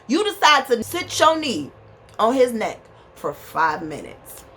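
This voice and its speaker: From a small bedroom with a fan running, a woman vlogger launches into an impassioned rant to camera, angry, profane and emphatic, calling her viewers y'all. Her voice sits on the high side with big pitch swings, a measured pace, a bit of brightness, and a little hiss or hum.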